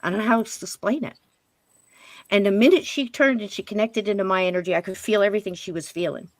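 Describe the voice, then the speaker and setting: A woman's voice: medium pitch, quick pace, no echo. Storytelling woman, dry close sound. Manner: animated, quotes spirits and herself in hushed voice. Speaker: guest medium on a paranormal show. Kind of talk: storytelling interview.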